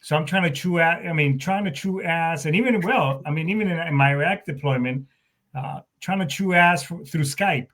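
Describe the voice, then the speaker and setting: Laid-back veteran host. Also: male voice, on the high side, normal speed, a bit bright. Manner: loose and friendly, with casual slang. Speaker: podcast host, Marine veteran. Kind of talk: casual interview talk.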